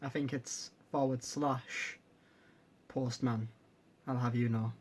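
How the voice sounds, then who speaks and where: A man's voice: medium pitch, fairly even intonation, takes it slowly, slight background noise. A man commenting casually and sarcastically on a cartoon as a vlogger, swearing often.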